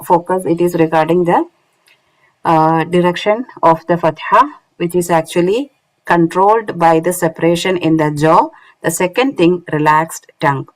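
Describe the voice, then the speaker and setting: A woman's voice: on the low side, rough recording. A woman teaching Quran recitation online in English with a non-native accent, explaining step by step and often checking with "isn't it?". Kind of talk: online lesson.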